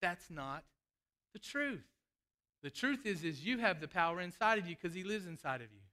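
A man's voice: high voice, expressive, normal speed, sharp tone. A man preaching a sermon, fervent and emphatic, calling out to the congregation.

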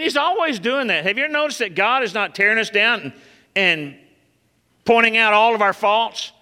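Man, pastor, bright ringing voice, emphatic sermon, long church reverb. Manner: emphatic, rises loud and high on key points, drops soft and low for quiet moments; calls out to the congregation. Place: church sanctuary.

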